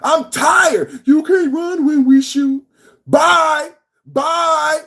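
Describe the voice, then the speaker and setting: A woman in her fifties hosting a reaction podcast, ranting fiercely with profanity and repeated phrases. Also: takes it slowly. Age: 50s. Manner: fiery, profane, repeats phrases, lively pitch. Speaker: podcast host.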